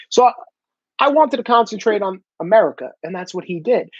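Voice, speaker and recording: A man's voice: high-pitched, lively intonation, fairly quick, a little mellow, dry recording, highs cut off. Blunt, swearing man ranting to camera. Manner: blunt, swearing, switches into mocking impressions. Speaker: vlogger. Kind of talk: casual profane monologue.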